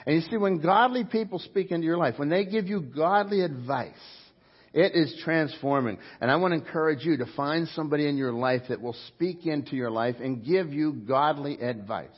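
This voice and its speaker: A middle-aged pastor preaching a sermon in church, swinging between loud, emphatic bursts and quiet asides. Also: male voice, fairly high pitch, moderate pace, husky, lo-fi sound. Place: church sanctuary before a congregation.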